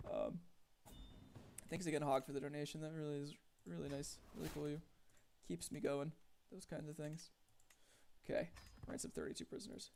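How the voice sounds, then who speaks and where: Gravelly-voiced man chatting to his chat. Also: on the high side, flat delivery, moderate pace, long pauses, darkish tone, a little hiss or hum. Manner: chatty, thinks aloud, easily exasperated. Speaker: streamer. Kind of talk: casual gameplay commentary to chat.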